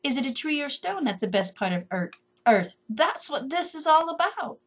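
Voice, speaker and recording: A woman's voice: high voice, animated, moderate pace, voice pushed up. A woman voicing a grumpy, sleepless male earthworm who complains in a raised voice. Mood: complaining.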